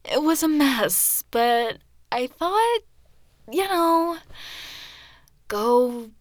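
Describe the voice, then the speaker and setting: A young woman plays a girlfriend in an audio role-play. She teases in a mock-offended tone and keeps slipping into whispers. Her voice sits a little high, swings widely, and moves at a very slow, drawn-out pace. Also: lively intonation, no echo.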